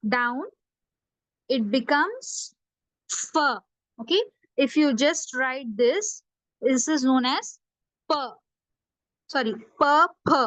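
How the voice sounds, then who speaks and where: A woman's voice: high-pitched, dry recording. A woman teaching a phonics lesson, patiently repeating letter sounds for young learners. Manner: patient, drills sounds over and over. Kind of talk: phonics lesson, slow repetition.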